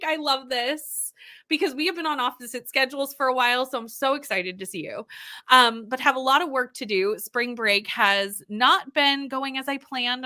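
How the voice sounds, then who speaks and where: A woman's voice: high voice, bright, forceful tone. A young woman hosting a casual reading livestream, chatting and greeting viewers by name as she reads their comments.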